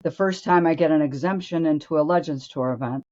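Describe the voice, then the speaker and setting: Speaking a little fast in a low, darkish voice, this former tour golfer and co-host animatedly tells brash, blunt stories, performing the voices of the people involved. She is older, and the audio is dull.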